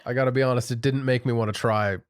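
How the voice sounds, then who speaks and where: A man's voice: medium pitch, fairly even intonation, fast, clear, resonant tone, no room sound, studio quality. A man co-hosting a podcast in casual chat, telling easygoing anecdotes. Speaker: podcast co-host.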